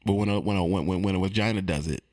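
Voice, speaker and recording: A man delivering a streetwise comedic rant, animated and repetitive, swinging between loud and quiet. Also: deep voice, rapid-fire. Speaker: comedic ranting monologue.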